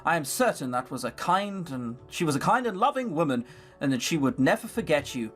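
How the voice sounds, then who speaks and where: A reader voicing a gentle, earnest young girl in a visual novel, in a plain, soft reading voice with lively pitch. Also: a little fast, soft background music.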